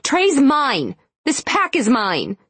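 A woman reading an audiobook and voicing a jealous, spiteful young she-wolf woman with a raised, shrill voice. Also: expressive, moderate pace, dry recording, natural voice. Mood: possessive fury.

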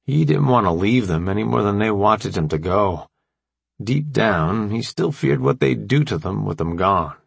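Gravelly male audiobook narrator. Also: fairly low pitch, animated, moderate pace, dry recording. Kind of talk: scripted narration.

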